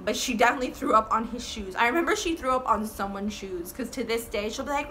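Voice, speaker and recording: A woman's voice: on the high side, animated, quick pace, few pauses, bright, forceful tone, a little hiss or hum. A young woman telling a storytime in a casual, rambling, profane way, full of "like". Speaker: vlogger.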